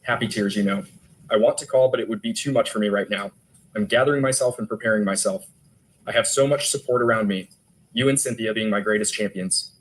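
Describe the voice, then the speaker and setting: A man's voice: lowish voice, brisk, low-quality recording. A male detective testifying in court, steadily reading text messages aloud. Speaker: detective witness.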